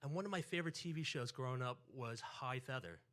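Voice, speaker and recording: A man's voice: medium pitch, quick pace. A man, telling a personal story on stage and acting out family voices. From New York. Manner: animated, acts out quotes and family voices.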